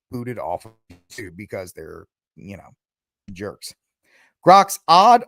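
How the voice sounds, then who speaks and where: A man's voice: fairly high pitch, no room sound, clean studio sound. A man hosting a news commentary podcast, reading headlines and breaking into sarcastic, rambling asides. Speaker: podcast host.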